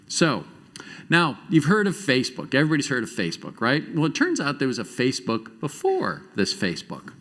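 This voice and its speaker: A middle-aged man speaks from a conference stage, his pitch rising and falling freely as he tells stories. His delivery keeps jumping between loud, quick bursts and slow, quiet asides. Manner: animated storytelling with quick shifts in loudness and pace. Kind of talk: conference keynote talk. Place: conference stage before a live audience.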